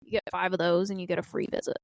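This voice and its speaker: A woman's voice: lowish voice, level tone, rapid-fire, creaky, a little mellow, no room sound. A woman in her twenties co-hosting a podcast in casual chat, throwing in dry jokes. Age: 20s. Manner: dry, joking interjections. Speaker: podcast co-host.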